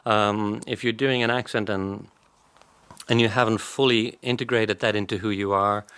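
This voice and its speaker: Low-voiced Irish man, hesitant and thoughtful. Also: fairly bright tone, smooth, no room sound. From Ireland. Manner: measured, thoughtful, many hesitations and restarts. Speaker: voice and acting coach, interview guest. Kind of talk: radio interview.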